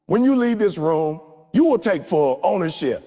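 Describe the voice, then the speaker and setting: A man with a fairly high, animated voice delivers a live motivational speech in a large hall. He preaches and drives the crowd through repeated call-and-response chants. His voice rings out with a long reverb over faint background music. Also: moderate pace. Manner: forceful, repetitive exhortation. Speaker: motivational speaker.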